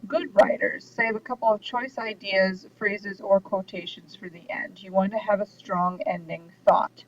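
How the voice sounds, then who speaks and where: A woman's voice: mid-range voice, fairly even intonation, normal speed. A woman giving a recorded lesson on essay writing, explaining steadily with frequent ums and uhs. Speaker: writing instructor. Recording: dull distant mic with faint hiss.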